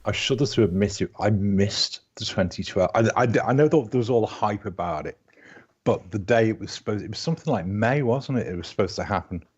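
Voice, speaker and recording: A man in his fifties with a Liverpool accent chats as a guest, his voice sitting a touch low. He rambles and restarts his sentences as he goes. The sound is dull and lo-fi, like call audio. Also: fairly quick, husky. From Liverpool, England. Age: 50s. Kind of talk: casual live-stream chat.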